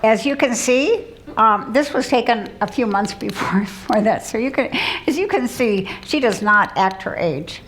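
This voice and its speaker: A woman's voice: fairly high pitch, animated, moderate pace, low-quality recording. A woman in her sixties, from the Midwest, telling self-deprecating stories in a humorous luncheon speech. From Midland, Michigan, US. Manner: warm self-deprecating storytelling with laughs. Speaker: keynote speaker. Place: luncheon hall.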